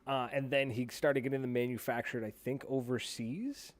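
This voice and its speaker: A man's voice: medium pitch, steady tone, moderate pace. Blunt rambling male podcast host. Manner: rambling, blunt, swears freely. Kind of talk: casual chat.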